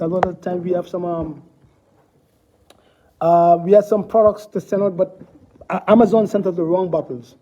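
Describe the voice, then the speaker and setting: A man's voice: on the high side, mellow. A man giving preachy, emphatic health advice in a casual talk straight to his viewers, repeating his commands. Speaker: natural health promoter. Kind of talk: casual direct-to-camera talk. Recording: dull lo-fi sound.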